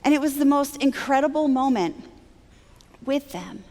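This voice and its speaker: A woman sharing a personal faith testimony, animated and self-deprecating, acting out her own thoughts as she tells the story. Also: sits high, moderate pace. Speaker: Christian speaker. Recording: long hall reverb.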